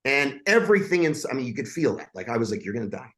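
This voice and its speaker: A man's voice: medium pitch, sing-song, quick pace, fairly bright tone. A man in his forties, a podcast guest, telling a personal story in a blunt, intense and profane way.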